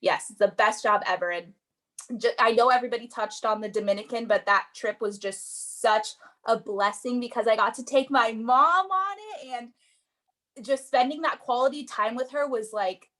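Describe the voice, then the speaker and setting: A woman's voice: a little high, moderate pace, fairly bright tone. A young woman giving an earnest, rambling motivational talk on a group call, full of fillers. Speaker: network marketing seller.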